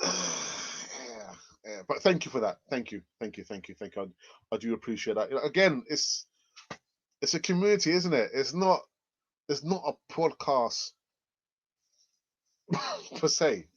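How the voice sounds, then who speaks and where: A man's voice: mid-range voice, expressive, unhurried, pauses often, breathy edge. Man, fan channel host, casual repetitive chatter, a bit of a cough, muffled audio. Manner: rambling, repeats phrases, many fillers. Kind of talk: casual live chat reading comments.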